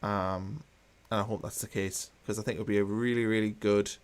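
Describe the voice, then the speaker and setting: A man's voice: lowish voice, fairly even intonation, a little fast, clean tone. A man hosting a football watchalong, chatting casually with many fillers and restarts while he reads out live comments.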